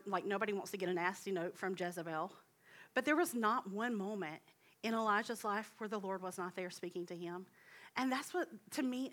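A young woman delivers an earnest, heartfelt sermon in a church. Her voice is bright and clear at a middling pitch, and she sometimes sinks to a soft hush for emphasis. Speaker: guest speaker at church. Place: church sanctuary.

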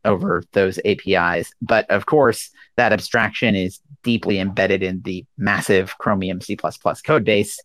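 A man explaining software and speech synthesis history in a casual technical chat, with many ums and uhs. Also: low voice, fairly even intonation, measured pace, hardly any pauses, no room sound. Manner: hesitant, full of ums and uhs. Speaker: guest speaker.

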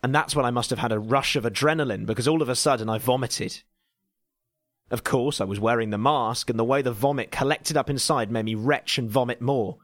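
An English man narrating a story in a dry, deadpan way. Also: mid-range voice, fairly quick, dry recording.

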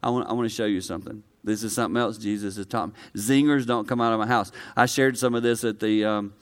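A male pastor preaching a conversational sermon to a live congregation, swinging from quiet, low delivery to loud, high-pitched excitement. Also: fast talker. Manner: conversational, personal preaching with direct address.

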